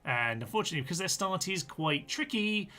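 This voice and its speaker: A man's voice: high voice, lively intonation, brisk, sharp tone. A man commenting on a live-streamed strategy game, chatty and full of ums as he reads out and answers viewers' chat comments.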